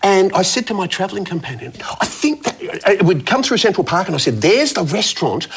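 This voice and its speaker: A man's voice: sits high, quick pace, gravelly, husky. An Australian man, a musician and panel guest, telling comic anecdotes in casual chat and acting out greetings. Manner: lively storyteller who acts out shouted greetings.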